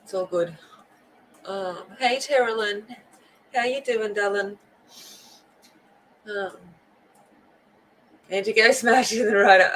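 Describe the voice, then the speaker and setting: A woman's voice: medium pitch, slow pace, pauses often, fairly bright tone, slight background noise, low-quality recording. A woman hosting a coloring livestream, chatting casually and greeting viewers by name. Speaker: livestream host. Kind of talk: casual chat while coloring.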